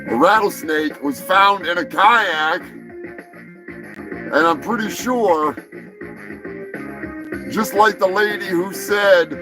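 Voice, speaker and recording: A man hosting a live comedy show, rattling off odd news stories with lots of swearing and sudden shouted bits. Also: high-pitched, very slow, pauses often, over music, rough recording. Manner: profane, rowdy, breaks into shouting bits. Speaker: show host.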